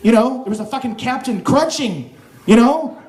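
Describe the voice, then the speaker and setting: A young man from Oklahoma doing an animated stand-up set, dropping in mock accents and silly voices. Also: extremely high pitch, normal speed, slight background noise. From Oklahoma, USA. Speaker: stand-up comedian. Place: comedy club stage with live audience. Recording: echoey club room with crowd laughter. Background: audience laughing.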